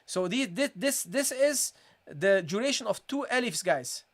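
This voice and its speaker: A recitation teacher runs a live online tajweed lesson in a mid-pitched voice. The teacher drills each syllable slowly and repeats every rule. The teacher also keeps addressing viewers as "guys" and urges them to answer in the chat. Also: expressive. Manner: repetitive, keeps calling the audience "guys"; asks for chat responses, encouraging.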